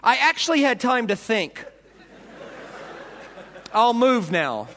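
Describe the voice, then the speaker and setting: A man's voice: very high-pitched, very animated, slow, a bit bright, a faint crowd. A man preaching a storytelling sermon, dramatic, acting out voices and punches. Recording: long hall reverb.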